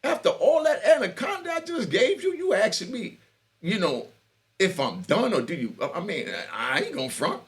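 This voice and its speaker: A man's voice: high-pitched, very animated, moderate pace, fairly bright tone. A man from New York telling a boastful, bawdy street story in a casual monologue, laughing often, stumbling over restarts and asking "you know what I mean.". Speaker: storyteller, channel host.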